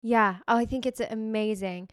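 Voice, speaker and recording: A woman co-hosting a podcast, talking in a chatty, animated way full of "like". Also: on the high side, moderate pace, dry recording, clean studio sound. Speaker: podcast co-host. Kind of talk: casual chat.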